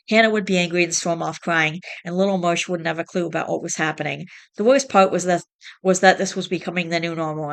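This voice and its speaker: A woman with a fairly low voice reads a novel aloud. Her telling is plain and steady, and she stumbles over a word now and then. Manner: plain, steady storytelling with small slips. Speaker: reader.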